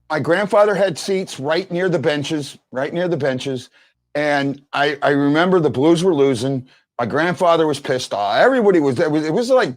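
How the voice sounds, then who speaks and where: A man hosting a sports fan show, telling stories in a rambling casual way with many restarts. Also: on the high side. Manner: rambling storyteller, restarts often.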